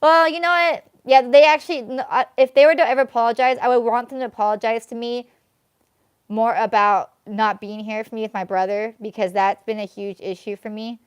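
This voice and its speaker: A woman's voice: fairly high pitch, steady tone, brisk, smooth, no echo, clean studio sound. A woman hosting a live tarot reading stream who rambles and vents, filling her talk with "like" and "you know what I mean.". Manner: rambling, venting, heavy use of fillers such as "like" and "you know what I mean". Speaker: tarot reader.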